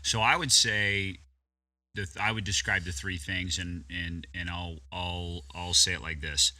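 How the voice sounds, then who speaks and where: Man, podcast co-host, low pitch, sharp bright tone, summarizing and affirming. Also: steady tone, a little slow. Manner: summarizing, affirming with short "yeah" and "okay". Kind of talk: casual business podcast talk.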